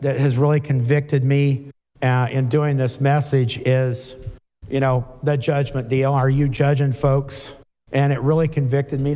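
Preacher in a reverberant hall. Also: male voice, mid-range voice, mellow. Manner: conversational, reads scripture aloud with asides. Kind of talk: sermon.

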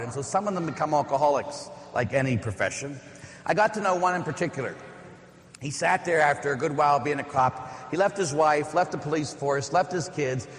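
A middle-aged man, a priest, preaching a sermon with stories, slowing down to stress key lines. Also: fairly high pitch, a bit bright, long reverb tail. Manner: storytelling, emphatic with slow stressed lines. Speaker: Catholic priest.

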